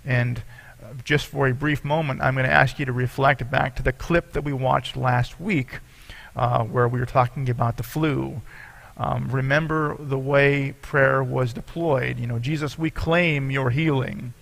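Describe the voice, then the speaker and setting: A man's voice: medium pitch, steady tone, unhurried, vocal fry, a bit bright. A pastor preaching a sermon, reading scripture aloud and explaining it to his congregation in an earnest way.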